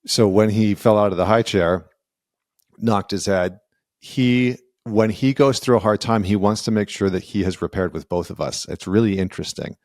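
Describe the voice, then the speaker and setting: A man's voice: lowish voice, normal speed, a little mellow, dry recording, studio quality. A man hosting a podcast interview who tells a parenting story in an earnest, chatty way. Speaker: podcast host and father. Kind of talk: casual conversational interview.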